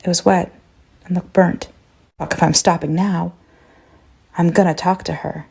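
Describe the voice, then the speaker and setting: A woman narrating a first-person horror story in a tense, measured way. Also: on the low side, steady tone, gravelly, a little mellow, slightly rough.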